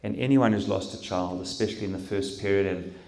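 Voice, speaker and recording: A middle-aged man giving an emotional personal testimony at a talk, speaking haltingly with pauses and restarts. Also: sits low, a little mellow. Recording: roomy hall echo.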